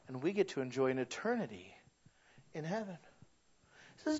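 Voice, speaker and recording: High-voiced preacher man, swinging from hushed to booming. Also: very animated, normal speed, long pauses, slightly rough. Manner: dynamic preaching, swinging from hushed to loud and drawn out. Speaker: pastor. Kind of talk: sermon. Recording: dull lo-fi sound.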